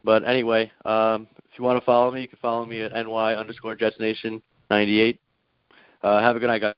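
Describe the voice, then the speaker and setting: Man, caller, casual sports chat, monotone, dry lo-fi sound. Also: lowish voice, fast talker, smooth, no echo. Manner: hesitant, many fillers and restarts.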